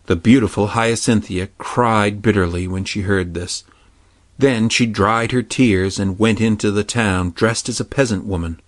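Low-voiced man reading a fairy tale. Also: no room sound. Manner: measured, even storytelling. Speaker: narrator. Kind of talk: storybook reading.

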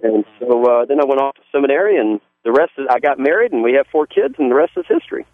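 A man's voice: medium pitch, big pitch swings, quick pace, no room sound. A Southern-accented pastor tells his story in an earnest, folksy way, stopping and restarting as he goes. His voice comes through a thin, phone-like line. The sound is close and dry. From Southern US (Georgia). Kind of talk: testimony in a radio interview.

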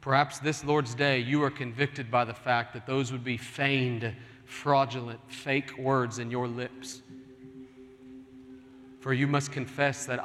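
Earnest pleading pastor in a big hall. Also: male voice, mid-range voice, little pitch movement, slow, fairly bright tone. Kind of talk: sermon. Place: large church sanctuary. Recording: long hall reverb.

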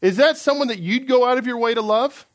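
Earnest high-voiced male preacher. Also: fairly quick. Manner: earnest, emphatic, reads scripture aloud. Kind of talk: sermon.

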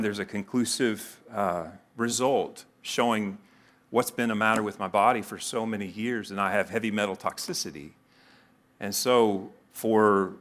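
Middle-aged male pastor, lowish voice, earnest conversational sermon delivery. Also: a bit bright. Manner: earnest, conversational preaching with spoken prayers.

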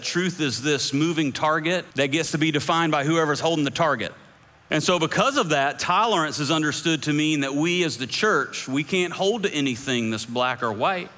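A male pastor preaching a sermon in a conversational way, his voice climbing high whenever he voices other people's views. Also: sharp tone. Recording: long echoing hall reverb.

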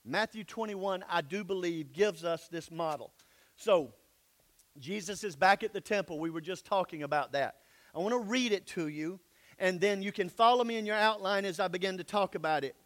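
A man's voice: sits high, moderate pace, a bit bright. A man preaching a sermon, reading scripture aloud and then explaining it in a folksy, plain-spoken way. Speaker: pastor.

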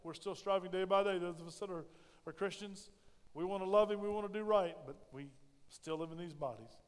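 A male pastor preaching a sermon in a church, building emphasis and then dropping soft. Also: high voice, a little fast, clear, resonant tone, big-room sound. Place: church sanctuary.

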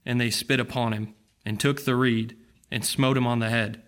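A man reading a gospel passage aloud in church in a steady, plain way. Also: medium pitch, normal speed. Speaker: scripture reader.

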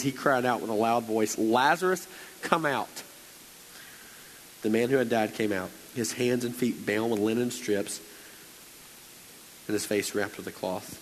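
A man preaching a sermon, moving between quiet scripture reading and loud, emphatic exhortation. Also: lowish voice. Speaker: pastor. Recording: long hall reverb with faint hiss.

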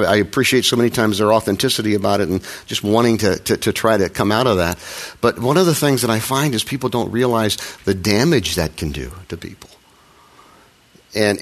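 A man's voice: lowish voice, a bit bright. A middle-aged man preaching a sermon as a pastor, talking in a conversational, self-deprecating way with frequent restarts and little acted quotes.

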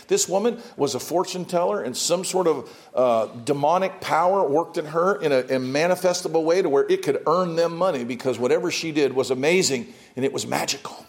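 A man preaching a sermon, reading scripture and breaking into animated asides to his congregation. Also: fairly high pitch, moderate pace.

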